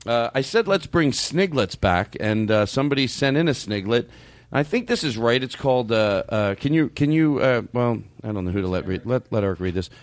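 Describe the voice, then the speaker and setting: Animated, rambling male podcast host. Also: mid-range voice, brisk, no echo. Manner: rambling, jokey, lots of restarts and goofy voices. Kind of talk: casual comedic chat.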